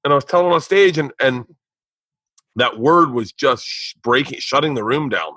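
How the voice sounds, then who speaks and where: Man, podcast host, animated storyteller, bright husky voice, dry sound. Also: mid-range voice, moderate pace, no room sound. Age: young adult. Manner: animated, laughing, swears often. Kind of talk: casual storytelling with friends.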